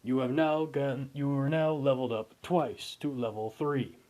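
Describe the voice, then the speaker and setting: A man's voice: mid-range voice, fairly even intonation, normal speed, mellow, natural voice. A man voicing a glowing energy orb that hands out quests and speaks in a formal, announcing way. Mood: brisk.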